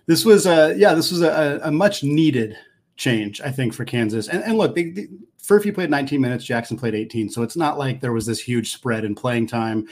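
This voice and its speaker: A man's voice: medium pitch, animated, moderate pace, darkish tone. A man co-hosting a sports podcast, analysing college basketball in a casual, thinking-aloud way.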